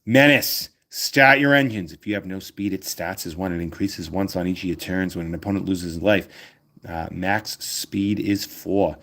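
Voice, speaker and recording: A man's voice: sits low, normal speed, a bit bright. Enthusiastic man reading card text. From Massachusetts. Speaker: host. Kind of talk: casual card-opening chat.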